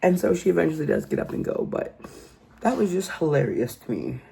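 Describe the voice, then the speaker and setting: A woman's voice: on the low side, sing-song, fairly quick, vocal fry, warm tone, slight background noise. A woman giving a casual true crime commentary, telling the story emphatically and incredulously and often asking "okay?".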